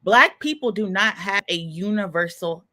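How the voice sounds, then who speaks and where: A man's voice: high voice, animated, normal speed, pushed and bright. A man co-hosting a podcast who explains his views emphatically, building arguments through lists and repetition. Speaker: podcast co-host. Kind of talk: explanatory commentary.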